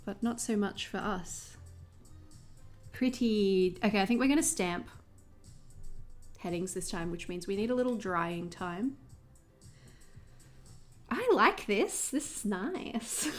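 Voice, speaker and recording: A woman's voice: mid-range voice, a little slow, long pauses, darkish tone, faint music behind. A young Australian woman hosting a journaling livestream, chatting casually with viewers while she paints, laughing often.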